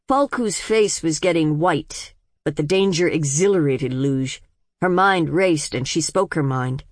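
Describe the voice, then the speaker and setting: With a deep voice, an audiobook narrator steadily reads from a novel in scripted, evenly paced storytelling. The recording is dry and of studio quality.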